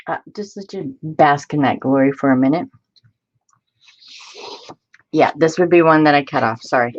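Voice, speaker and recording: A woman hosting a casual crafting live stream, chatty and excitable as she greets viewers by name. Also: on the low side, highs cut off. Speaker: crafting channel host.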